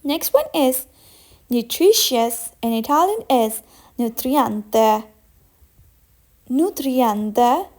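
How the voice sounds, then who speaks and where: A young woman teaching a vocabulary lesson, saying each word slowly and carefully and repeating it. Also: sits high, expressive, a little mellow. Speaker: language teacher. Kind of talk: vocabulary lesson with slow repetition.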